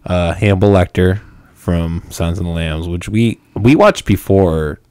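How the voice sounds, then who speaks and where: A man's voice: low-pitched, expressive, unhurried, darkish tone, clear, resonant tone, no echo. A young man hosting a podcast, joking and self-mocking and laughing often, on a studio mic with headphones. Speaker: podcast host. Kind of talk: casual chat.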